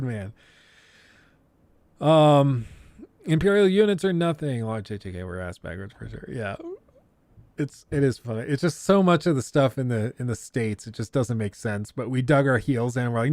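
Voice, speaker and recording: A man hosting a gaming livestream, giving casual, opinionated commentary with animated outbursts into a close desk mic. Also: mid-range voice, moderate pace, no echo.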